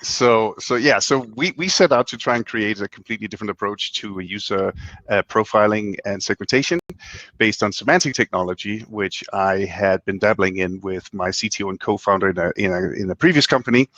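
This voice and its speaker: A man's voice: fairly low pitch, brisk, a bit bright, muffled recording. A man from Denmark speaking as a guest in a casual video-call chat, hesitant with dry humor. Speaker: guest, company co-founder.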